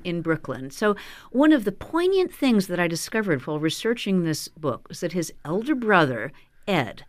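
A woman author being interviewed in a radio studio, telling stories in an animated way with frequent fillers. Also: lowish voice, no echo. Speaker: author guest.

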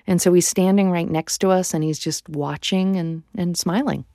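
A woman narrating a radio story in a relaxed storytelling manner. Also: lowish voice, moderate pace. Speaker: reporter, narrator. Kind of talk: scripted narration.

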